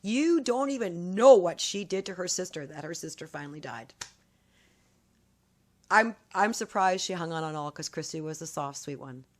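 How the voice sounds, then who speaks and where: A woman's voice: lowish voice, expressive, moderate pace. A woman in a casual vlog, telling a long story in an emphatic, accusatory way, often repeating her points. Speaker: vlogger.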